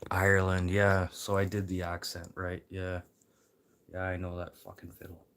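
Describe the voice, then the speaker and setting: A man with a very deep, low-pitched voice talks casually to his livestream audience. He rambles and swears freely, drifting from quiet mutters to loud, eager pep talk. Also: monotone, normal speed, clear, resonant tone. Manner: rambling, profane, swinging between muttering and loud encouragement.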